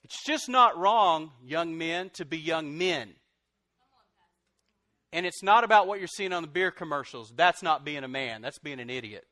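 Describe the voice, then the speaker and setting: A middle-aged pastor preaches in an animated way, bursting out loudly and then dropping to soft, confessional tones. His voice sits a little high for a man. The recording is dry and close, with little room sound. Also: moderate pace, no room sound. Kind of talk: sermon.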